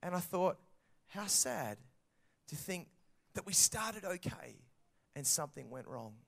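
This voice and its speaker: A man in his thirties with an Australian accent, preaching a sermon and telling stories with lively acted-out quotes. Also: sits high, measured pace, creaky. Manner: animated storytelling with acted-out quotes. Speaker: pastor.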